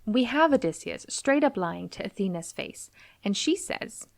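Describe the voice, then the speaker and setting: A woman's voice: medium pitch, moderate pace, vocal fry, no echo. Chatty woman podcast host, dry sound. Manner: lively, slips into playful voices for the characters. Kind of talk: casual storytelling retelling of a book.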